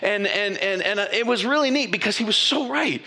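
A man preaching a sermon to his congregation, animated and conversational, with frequent restarts and asides. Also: sits high, moderate pace, gravelly. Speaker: pastor.

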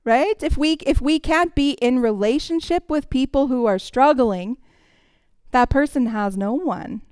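A woman's voice: high voice, a little slow, clean tone, no echo. A woman giving a sermon in a conversational teaching manner, now and then acting out what people say. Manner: warm, conversational teaching with acted quotes. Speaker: speaker in a church service.

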